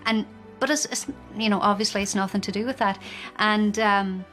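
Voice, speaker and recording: A woman's voice: mid-range voice, moderate pace, fairly bright tone, faint music behind. A woman, a mother, speaking candidly and reflectively in a documentary interview.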